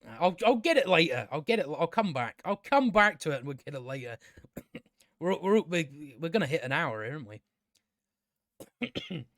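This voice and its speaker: A man's voice: a little high, fairly bright tone, no echo, studio quality. A man giving a rambling, exasperated and profane casual review of a TV show as host of his own channel. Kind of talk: casual spoken review commentary.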